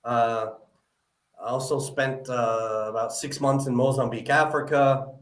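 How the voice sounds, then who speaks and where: A man's voice: mid-range voice, fairly even intonation, unhurried. Chatty podcast host man in echoey room. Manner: chatty, loose, many fillers. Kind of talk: casual chat.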